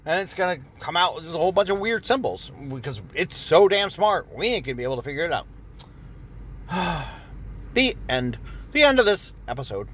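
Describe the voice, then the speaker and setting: A man's voice: on the high side, sing-song, a little fast, a bit bright, a little hiss or hum. A man hosting a podcast, rambling sarcastically and acting out imagined exchanges in a casual monologue. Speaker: podcast host.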